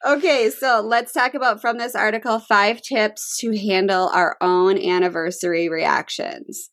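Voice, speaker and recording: A woman's voice: mid-range voice, fairly even intonation, unhurried, a bit bright, dry recording. Earnest woman reading tips, dry sound. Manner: earnest, conversational, with frequent ums. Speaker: podcast co-host. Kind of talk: casual chat reading tips from an article.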